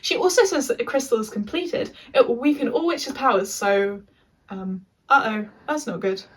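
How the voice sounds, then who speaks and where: Chatty English young woman, husky. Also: on the high side, moderate pace, far from the mic, poor audio. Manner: chatty, sarcastic asides. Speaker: video essayist. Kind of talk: casual recap rant.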